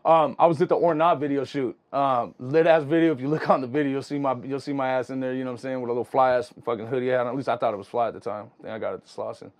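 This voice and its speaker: A young man, a music producer, telling stories in a casual, slangy, animated way. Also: mid-range voice, very fast, few pauses. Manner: animated, slangy, full of "you know what I'm saying". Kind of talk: casual storytelling.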